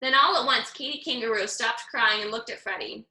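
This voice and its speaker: A woman reading a picture book aloud with lively, expressive storytelling. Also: a little high, fairly quick, reverberant, poor audio. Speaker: storybook reader.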